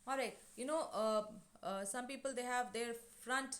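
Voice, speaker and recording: A woman's voice: fairly high pitch, normal speed, fairly bright tone. A woman teaching an English class, retelling a play scene with lots of fillers and acting out the lines. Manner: explanatory, many fillers, acts out lines. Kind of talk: classroom lesson explaining a play.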